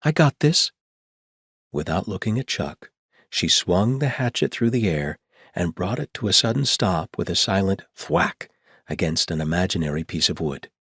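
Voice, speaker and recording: A male audiobook narrator with a very low, husky voice that still moves with plenty of pitch. He reads in a steady storytelling manner, close to the mic, in a dry, dead studio sound. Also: normal speed, no room sound. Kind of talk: scripted narration.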